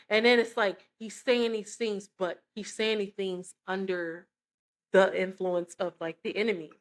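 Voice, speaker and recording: A woman's voice: mid-range voice, steady tone, normal speed. A young woman giving a casual spoken faith testimony, full of fillers and acting out quoted dialogue as she tells the story. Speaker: testimony speaker.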